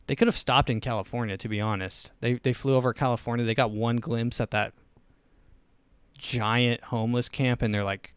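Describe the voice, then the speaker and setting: A man's voice: mid-range voice, fairly even intonation, moderate pace, smooth, no echo. A young man hosting a comedy podcast, rambling through opinionated, sarcastic riffs in a casual monologue. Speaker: podcast host.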